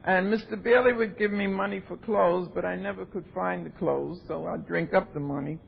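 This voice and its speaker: Older woman, lively storyteller at a convention podium; raspy, high-pitched, dull old tape with faint rumble. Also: moderate pace. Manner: animated storyteller acting out voices. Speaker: AA speaker. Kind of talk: recovery talk at a convention.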